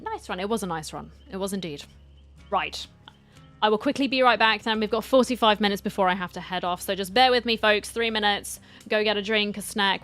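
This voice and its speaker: Woman streamer gabbing with chat mid-game, mid pitch, bit theatrical, faint music under her. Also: fairly bright tone. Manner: chatty, answering chat, playfully dramatic. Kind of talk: casual live-stream chat while gaming.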